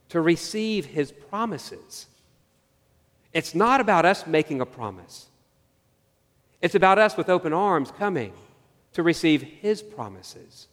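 A man preaching a sermon, earnest and searching, asking his listeners questions and slowing down on key phrases. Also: on the high side, big-room sound. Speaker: pastor.

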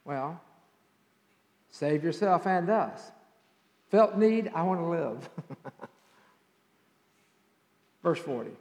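A man's voice: on the high side, expressive, very slow, pauses often. Preaching man in an echoey church hall. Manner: storytelling preacher, rises to loud emphasis. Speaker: pastor. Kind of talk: sermon. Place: church sanctuary.

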